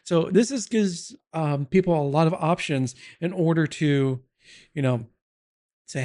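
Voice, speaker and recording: A man reviewing streaming software in a casual tutorial, rambling with many fillers and restarts, speaking into a desk broadcast mic in a home studio. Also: a little high, lively intonation, a little slow. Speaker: tech reviewer.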